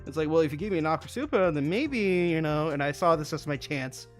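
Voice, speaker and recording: A man's voice: on the high side, lively intonation, a little fast, faint music behind. A young man streaming while he builds models, telling a long funny story in casual chat, laughing and swearing often.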